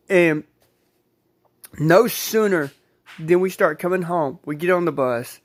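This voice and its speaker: A man's voice: a little high, normal speed, pauses often. A man casually telling a personal story, rambling, repeating himself and swearing freely.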